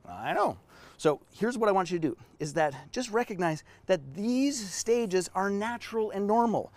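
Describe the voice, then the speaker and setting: A man's voice: high-pitched, very animated, moderate pace, no echo. A man teaching business owners on a live stream, talking them through a whiteboard drawing with emphatic, story-driven delivery. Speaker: business coach.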